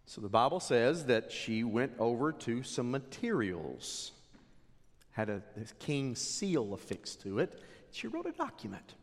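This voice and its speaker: A man preaching a sermon, retelling a scripture story with animated, dramatic delivery. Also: fairly high pitch. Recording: echoey hall reverb.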